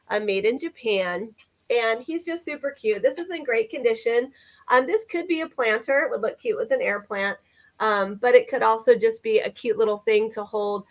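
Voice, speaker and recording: A woman's voice: a little high, highs cut off. A woman co-hosting a live vintage sale, chatting enthusiastically as she describes items. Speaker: vintage seller co-host.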